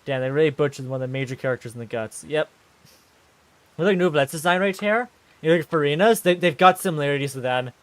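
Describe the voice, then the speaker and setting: Excitable ranting male streamer, close and dry. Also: on the high side, fast talker, dry recording. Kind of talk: casual live-stream commentary.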